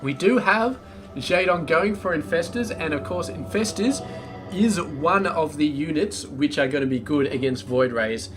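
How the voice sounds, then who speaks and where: A man's voice: fairly high pitch, a little slow, music in the background. A man casting a strategy game match solo, in a casual, chatty way with rambling asides. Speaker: game caster. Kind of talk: solo esports commentary.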